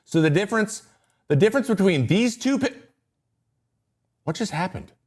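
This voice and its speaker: A male podcast host giving a casual livestream breakdown of pitchers, excitable and easily sidetracked, often interrupting himself. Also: normal speed, breathy edge.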